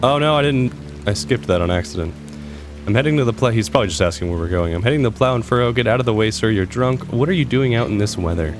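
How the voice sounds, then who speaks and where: A man's voice: mid-range voice, lively intonation, quick pace. A man casually commenting while playing a game, chatty, playful and wry. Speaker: gameplay host. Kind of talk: casual let's-play commentary. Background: game music and rain.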